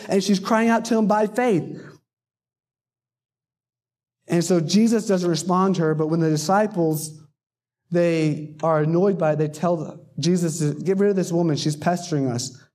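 A man's voice: sits high, warm tone. A man preaching a sermon in a folksy, rambling way, full of joking asides.

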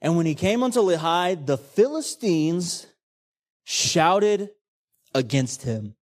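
Man, high-pitched, sermon, animated storytelling, dramatic. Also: slow. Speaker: preacher.

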